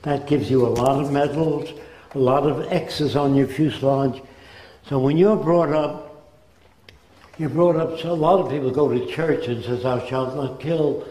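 A man's voice: mid-range voice, warm tone. An older man from the United States giving an earnest public lecture in a hall. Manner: earnest, lecturing, slips into quick impressions. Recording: echoey hall.

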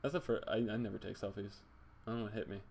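A man's voice: lowish voice, steady tone, rapid-fire, creaky, darkish tone, slight background noise. A young man streaming a game, chatting casually, joking, swearing and thanking subscribers as he reads the chat. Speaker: livestreamer.

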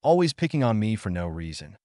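A man's voice: on the low side, big pitch swings, a little fast, warm tone, no room sound, clean studio sound. A man voicing a defensive nerdy teenage boy who whines. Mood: whiny. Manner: whining, defensive.

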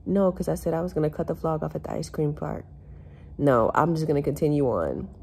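A woman's voice: sits low, brisk, gravelly, darkish tone, husky. A young woman vlogging casually, venting in an exasperated, swearing ramble full of "like" and "bro". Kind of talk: casual vlog rant.

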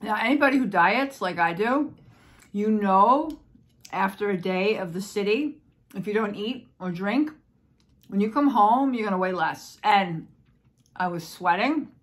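A woman's voice: mid-range voice, expressive, unhurried. Chatty woman rambling in a casual vlog. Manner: rambling, chatty, repeats herself; frequent exclamations. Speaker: vlogger.

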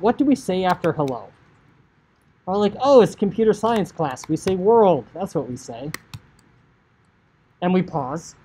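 A man teaching high school computer science, talking casually through code on screen, often saying "like" and acting out what a user might think. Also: a little mellow, slightly rough, rough recording. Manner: chatty, filler "like", acts out inner thoughts. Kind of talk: casual coding screencast lecture.

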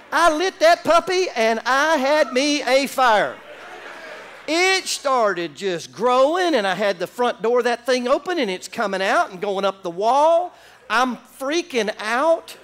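A man from Florida preaching a sermon, telling a story with animated bursts and calls to the congregation in a church. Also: extremely high pitch, slight background noise. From Orlando, Florida. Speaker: pastor. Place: church sanctuary.

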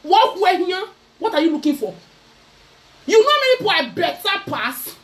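A Nigerian woman vlogger ranting loudly to camera in a mocking, scolding way. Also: very high voice, sing-song, moderate pace, a little hiss or hum. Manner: loud, mocking, switching into Pidgin. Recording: voice a bit far from the mic.

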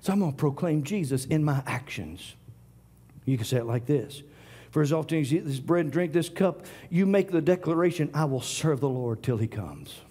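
A middle-aged man preaching a sermon, swinging from loud declarations to hushed whispers. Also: on the high side, lively intonation, normal speed, husky. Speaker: pastor.

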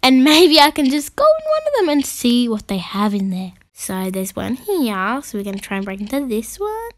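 A woman's voice: on the high side, huge pitch swings, normal speed, no room sound. A woman hosting her gaming channel, chatting casually through her gameplay with frequent gasps and exclamations. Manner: chatty, giggly, gasping and exclaiming.

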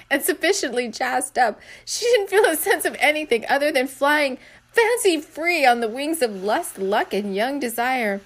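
A middle-aged woman reads from her own novel in a casual way. Her voice sits slightly high. She keeps dissolving into giggles and fumbling her words. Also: animated, a little slow. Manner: keeps breaking into giggles and stumbling over words. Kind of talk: casual reading aloud.

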